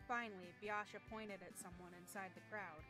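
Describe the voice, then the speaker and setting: A woman streamer narrating a horror game, switching between the story text and quick asides of her own. Her voice sits at an ordinary mid pitch. Clear game music plays behind her. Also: fairly even intonation. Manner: narrates, then breaks off with quick comments. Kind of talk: reading a horror game aloud.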